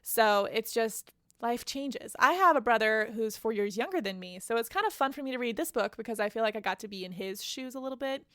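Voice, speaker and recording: A woman's voice: on the high side, animated, brisk, few pauses, pushed and bright, no echo, clean studio sound. A woman hosting a podcast, retelling a novel's plot in a casual, chatty way with personal asides. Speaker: podcast host. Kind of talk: casual book recap.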